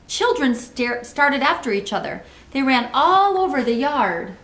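Expressive woman reading a children's book. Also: a little high, moderate pace, few pauses. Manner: expressive, asks listeners questions. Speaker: storybook reader. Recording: roomy echo.

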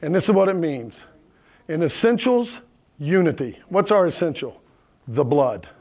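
A male pastor delivers a conversational sermon from the pulpit. His voice sits high for a man and has a gravelly, crackly texture, and he keeps pausing to check in with his listeners. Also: big pitch swings, a little mellow. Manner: checks in with the congregation, asking "right?" and "okay?". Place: church sanctuary with congregation.

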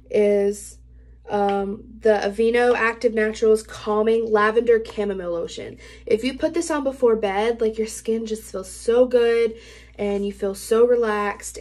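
A woman's voice: on the high side, darkish tone. Bubbly young woman gushing about makeup. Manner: bubbly, gushing, many "like" fillers. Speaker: beauty vlogger. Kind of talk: casual product review. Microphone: camera mic.

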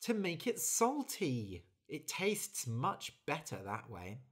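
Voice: medium pitch, huge pitch swings, takes it slowly, breathy edge, heavily acted. A storyteller voicing a tired, hard-working female bird who complains about doing too much work. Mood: explaining. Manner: indignant, complaining.

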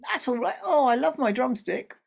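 Man putting on a good little boy, high and eager, storybook tale, husky. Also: lively intonation, moderate pace, full character voice. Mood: cheerful. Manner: high, breathless pleading.

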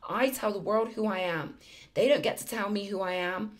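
A tarot reader guides her viewers through a spiritual tarot reading at a normal speed. Her voice is mid-pitched and chatty, and she sounds effusive and emphatic, driving each point home.

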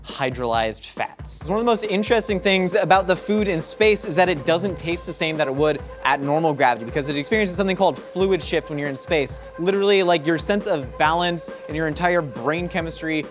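A man's voice: on the high side, fairly quick, hardly any pauses, music in the background. A man hosting a cooking show, chatting casually and jokily as he explains each step in a studio kitchen. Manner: excitable, jokey, explains as he cooks.

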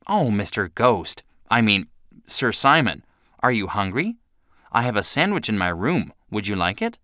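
A man voicing a kind, brave young girl who speaks earnestly and gently. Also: fairly low pitch, very animated, moderate pace, no room sound, studio quality. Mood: gentle, pitying.

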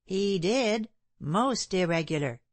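A woman voicing a stubborn, indignant London landlady in an audiobook, insistent and sharp-tongued. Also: medium pitch, animated, takes it slowly, no room sound. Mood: puzzled.

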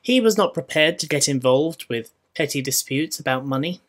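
A man with a Scottish accent preaching a sermon in church, measured and rhetorical, with dry humour. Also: on the high side, lively intonation, fairly bright tone. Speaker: minister.

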